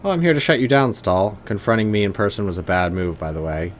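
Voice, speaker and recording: A man's voice: fairly low pitch, fast, slight background noise, lightly acted. A man reading a cocky troll mercenary. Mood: defiant. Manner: cocky, threatening.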